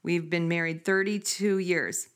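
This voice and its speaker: With a fairly low, clean-toned voice and a measured pace, a woman in her fifties hosts a casual chat. She is animated, laughs as she tells stories, and acts out quotes.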